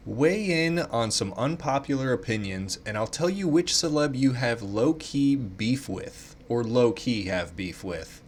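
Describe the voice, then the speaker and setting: A man's voice: mid-range voice, expressive, takes it slowly, husky. Man mulling quiz answers aloud. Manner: off-the-cuff, swears freely, thinks out loud with playful indignation. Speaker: YouTuber taking online quizzes. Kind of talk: casual commentary while taking quizzes.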